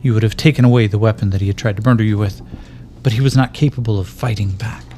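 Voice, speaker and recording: A man's voice: on the low side, fairly even intonation, fast, dark tone, lightly acted. A man doing a stern grieving knight lord. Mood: reproachful. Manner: solemn and reproachful. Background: faint background music.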